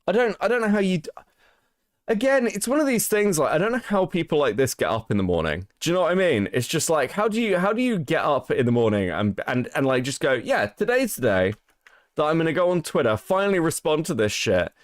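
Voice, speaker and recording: Animated, mocking man streaming. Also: fairly high pitch, brisk, no room sound, studio quality. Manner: mocking, profane, animated, laughs often. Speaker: podcast co-host. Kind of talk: livestream commentary.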